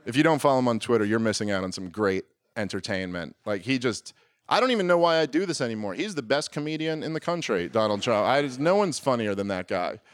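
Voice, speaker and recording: A man's voice: mid-range voice, lively intonation, fast talker, no room sound. A man in his thirties doing a stand-up comedy set, rambling and self-deprecating, often restarting his sentences and acting out little exchanges.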